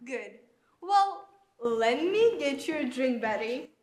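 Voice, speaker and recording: A woman's voice: high voice, lively intonation, slow pace. A woman playing a fussy hostess at a holiday party in a stage comedy sketch, chatty and fussing. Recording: echoey room.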